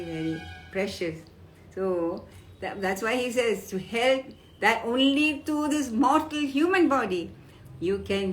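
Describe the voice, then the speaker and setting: Older woman, spiritual teacher, devotional discourse, gentle and earnest, halting with restarts, faint room hum. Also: mid-range voice. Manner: unhurried, halting, with many restarts and soft fillers; gentle and earnest, quoting the deity in a tender voice.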